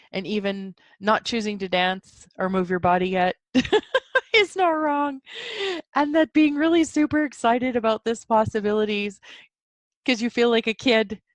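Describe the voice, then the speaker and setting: A woman hosting a solo self-help podcast who talks excitably and jumps up high in pitch when she quotes her own thoughts. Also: dry recording. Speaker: podcast host.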